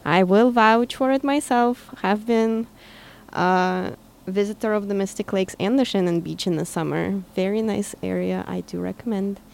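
A woman's voice: medium pitch, fairly even intonation, normal speed, a little mellow. Woman DJ on community radio. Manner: reads smoothly, then chats with "um" fillers. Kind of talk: reading a public service announcement and introducing songs.

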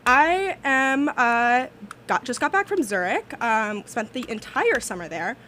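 A young woman hosting a college radio show in casual, rambling chat, slightly out of breath and a little shrill, talking into a studio microphone. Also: lively intonation, unhurried, pushed and bright, slight background noise. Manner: rambling, filler-heavy, self-deprecating.

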